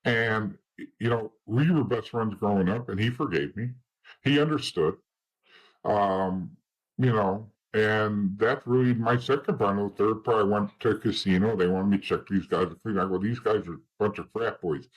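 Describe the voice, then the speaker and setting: A man's voice: fairly low pitch, normal speed, poor audio. A man, an interview guest, telling his story in a blunt, profane, rambling way. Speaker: interview guest, former informant.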